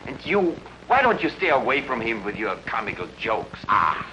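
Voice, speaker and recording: An actor playing a sensible, protective friend in an old film, scolding and reasoning. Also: male voice, mid-range voice, big pitch swings, moderate pace, noisy background, natural voice. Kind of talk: 1950s film acting. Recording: dull lo-fi old film sound with music.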